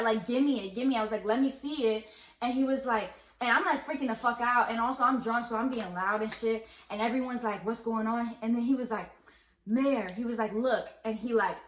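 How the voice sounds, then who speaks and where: A young woman casually telling a storytime, rambling and animated, acting out what people said, full of slang. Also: fairly high pitch, brisk, echoey room, a little hiss or hum. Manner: rambling, animated retelling with quoted dialogue and slang.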